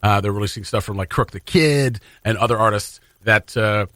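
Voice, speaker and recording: A man's voice: lowish voice, normal speed, fairly bright tone, no echo. A man hosting a morning radio show in casual, upbeat banter, laughing often, on a studio mic. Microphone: studio microphone.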